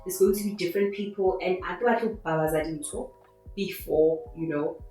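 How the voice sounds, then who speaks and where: A woman hosting her own podcast in an excitable, rambling way, with faith-filled asides. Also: on the low side, fairly quick. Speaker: podcast host. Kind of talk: casual solo podcast monologue. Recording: very echoey room with faint music.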